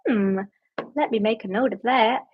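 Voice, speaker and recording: A young woman with a Yorkshire accent hosts a casual book-chat livestream, reading out viewer comments and answering them in a relaxed, rambling way, with a lot of "like" and "um". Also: a little high, moderate pace, breathy edge, muffled recording, soft background music. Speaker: booktube host.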